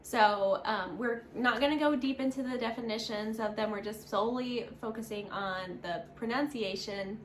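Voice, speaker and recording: A woman with a fairly high voice introduces vocabulary briskly and reads out example sentences for a lesson. Her voice rings in an echoey room over faint background noise. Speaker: English teacher, co-host. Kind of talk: casual teaching.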